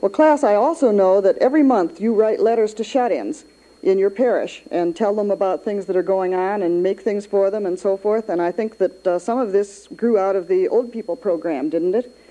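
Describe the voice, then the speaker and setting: A woman's voice: mid-range voice, normal speed, mellow, poor audio. A woman hosting an educational radio program, chatting with a class and encouraging listening classes.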